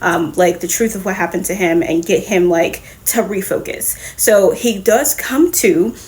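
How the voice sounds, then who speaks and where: A woman hosting a casual comic book review, retelling the story in a lively, profane way with quick laughs. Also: mid-range voice. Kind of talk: casual recap and reaction.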